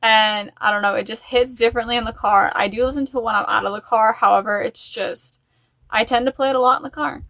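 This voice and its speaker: A woman's voice: a little high, steady tone, fast talker, gravelly, a bit bright, no room sound. A woman chatting in a casual music vlog, rambling and openly emotional. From United States. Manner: chatty and rambling, with fillers and restarts. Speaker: music vlogger.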